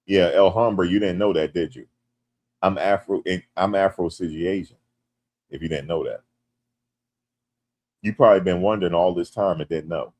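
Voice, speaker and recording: A low-voiced man from the United States talks casually on a livestream. He reads the chat aloud and answers with playful jokes. When viewers tease him, he turns loud and animated. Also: normal speed, pauses often. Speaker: livestream host.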